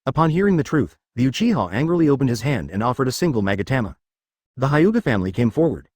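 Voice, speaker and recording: Man narrating with lively pitch. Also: fast, dry recording, studio quality. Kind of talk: scripted narration.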